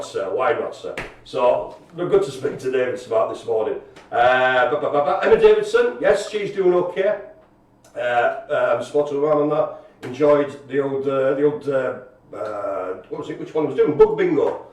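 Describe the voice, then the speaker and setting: A man's voice: mid-range voice, lively intonation, normal speed, darkish tone. A chatty, jokey man, co-hosting a casual live stream and telling stories with animation. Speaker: co-host. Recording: echoey room, far from mic.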